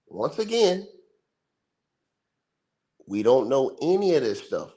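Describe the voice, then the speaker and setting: Over a livestream mic, a man offers laid-back sports talk in a darkish voice of medium pitch. His style is slangy, repetitive and full of emphasis.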